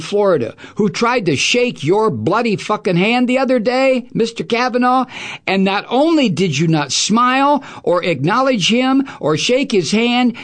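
A man's voice: high voice, a bit bright. Furious profane middle-aged man ranting. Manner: angry, profane, sarcastic. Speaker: talk radio host. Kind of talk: political rant.

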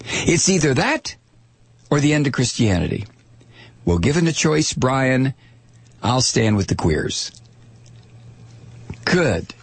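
A man's voice: mid-range voice, very animated, takes it slowly, long pauses, slightly rough, no room sound. A man hosting a talk radio show, ranting angrily with heavy sarcasm into a studio microphone.

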